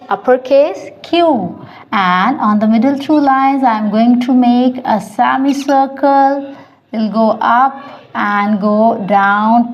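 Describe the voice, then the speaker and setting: Young woman teacher, high voice, slow and sing-song, children's phonics lesson. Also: muffled recording.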